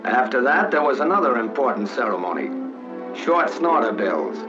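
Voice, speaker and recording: A man's voice: medium pitch, sing-song, normal speed. Wry folksy 1940s narrator man. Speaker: narrator speaking as a flyer. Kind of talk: 1940s wartime documentary narration. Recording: dull 1940s film soundtrack with music.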